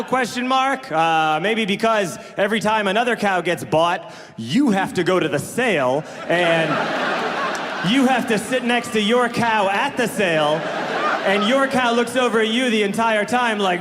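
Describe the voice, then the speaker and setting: A man performing a stand-up routine, riffing rapidly in a tone of disbelief. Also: high-pitched. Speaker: stand-up comedian. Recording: reverberant hall with crowd and noise.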